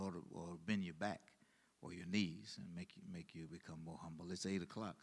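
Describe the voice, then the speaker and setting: A man leading a Bible study as pastor, halting with fillers and restarts, then swelling into emphasis. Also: low voice.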